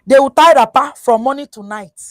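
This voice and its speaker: A woman with a Nigerian accent, her voice pitched high, lectures animatedly and keeps asking whether you follow her. She drops into Yoruba now and then, and the sound is close and dry, with almost no room. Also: fairly quick, no room sound. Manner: animated, preachy, often asks "you understand?"; mixes English with Yoruba. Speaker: guest. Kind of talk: casual talk show chat.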